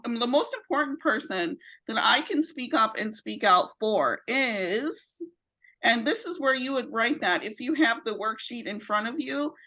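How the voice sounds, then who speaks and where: A woman's voice: fairly high pitch, bright, forceful tone, rough recording. A woman leading a virtual training session, walking participants through questions with encouraging check-ins. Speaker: training facilitator. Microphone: video call.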